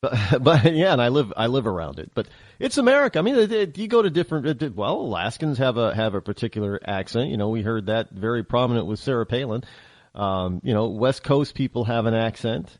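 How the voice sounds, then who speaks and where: A man's voice: medium pitch, very animated, brisk, no room sound. A talk-show host from upstate New York with a light local accent, holding forth on his own. His voice jumps up and down a lot as he rambles and restarts, recorded close and dry with no room sound. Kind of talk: opinionated solo monologue.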